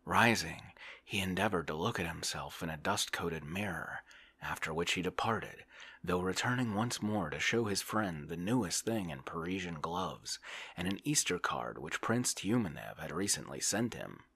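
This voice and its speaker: A man reading a classic novel aloud in a soft, whispered ASMR style. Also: low-pitched, animated, normal speed, gravelly, breathy edge. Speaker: audiobook reader.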